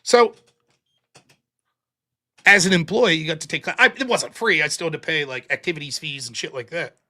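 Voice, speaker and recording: A man's voice: on the high side, moderate pace, pushed and bright. A man hosting a live stream, telling a long, rambling anecdote in casual, profane chat full of fillers. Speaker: host of a live streaming show. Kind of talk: casual storytelling monologue.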